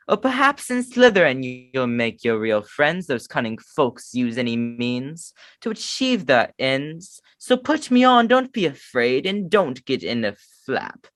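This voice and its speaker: Boastful old sorting hat, a guy putting it on, sing-song rhyme, swoopy pitch, dry close sound. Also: a bit bright, dry recording. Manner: reads rhyming verse with a put-on British accent.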